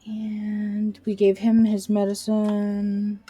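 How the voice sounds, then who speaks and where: Her voice is medium-pitched, monotone and slow, warm yet slightly rough, as this middle-aged streamer chats casually through a let's-play. She keeps murmuring little asides to herself.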